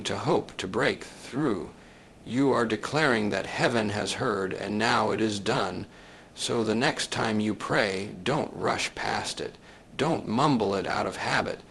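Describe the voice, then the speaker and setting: A man giving scripted motivational narration in a solemn, emphatic way, leaning on each phrase with long pauses. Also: mid-range voice, gravelly, fairly bright tone, poor audio.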